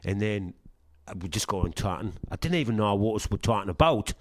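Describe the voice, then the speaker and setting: A middle-aged punk singer with a Sunderland English accent, from Sunderland, England, chats through interview anecdotes, swearing and performing the dialogue in his tales. His lowish voice has lively intonation and a fairly quick pace, captured in a dry recording.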